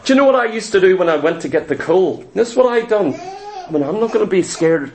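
A man preaching with a notably high voice. He drives his points home with emphasis and slips into dramatic voices for the figures he quotes. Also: expressive, fast talker, darkish tone. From Ireland. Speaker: pastor. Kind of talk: sermon.

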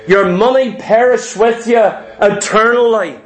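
A man's voice: high-pitched, moderate pace, faint music behind. A man preaching a sermon, emphatic and fervent, retelling scripture with vivid asides.

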